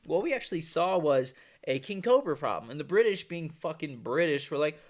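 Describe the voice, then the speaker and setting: Man vlogger, slightly high voice, loose profane rambling. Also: big pitch swings, fairly quick. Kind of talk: casual rambling monologue.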